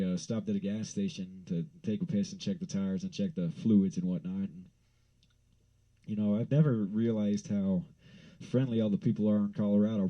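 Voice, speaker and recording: A man's voice: on the low side, dark tone, dull audio. A man from Wyoming rambling through a story in a laid-back, swearing way, full of fillers. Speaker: vlogger.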